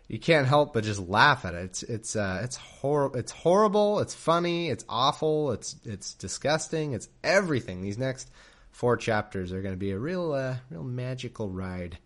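A man's voice: medium pitch, sing-song, unhurried, fairly bright tone. A man hosting a solo show who reads scripture aloud and riffs on it, laughing and rambling with many restarts. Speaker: podcast host. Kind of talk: comedic Bible reading and commentary.

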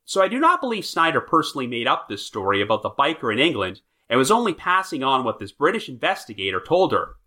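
A man's voice: mid-range voice, very animated, fast talker, few pauses, bright, forceful tone. A man hosting a true crime podcast, reading prepared notes in a wry, storytelling manner. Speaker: podcast host.

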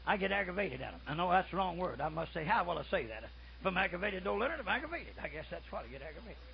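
An older man preaching a folksy sermon, dropping to soft murmurs and then shouting out his stories. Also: high voice, animated, quick pace, vocal fry, slight background noise. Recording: muffled lo-fi recording.

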